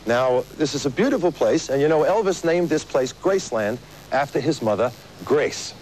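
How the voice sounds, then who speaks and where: A middle-aged man hosts a live television variety show from an outdoor location, rattling off a joke-filled opening monologue. His pitch sits slightly high and swings a lot as he talks. A faint outdoor hum runs under the voice. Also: lively intonation, moderate pace, a little mellow, poor audio. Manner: chatty, joking, laughs at his own gags.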